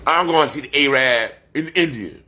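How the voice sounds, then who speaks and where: A man's voice: medium pitch, lively intonation, brisk, bright, forceful tone. A man, rambling profanely and boastfully on a casual livestream. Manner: loose, profane, boastful street talk.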